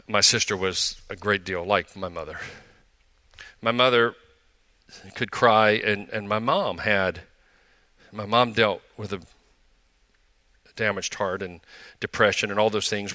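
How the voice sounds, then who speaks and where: A man's voice: on the low side, bright, forceful tone, no room sound. An older man pastor giving a conversational sermon, with frequent asides and restarts.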